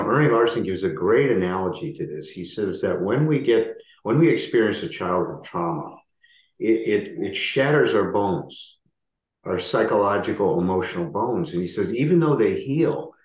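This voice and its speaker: A man's voice: lowish voice, animated, normal speed, roomy sound, poor audio. A man hosting a podcast interview, affirming his guest and explaining an idea through an analogy. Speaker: podcast host. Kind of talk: interview conversation.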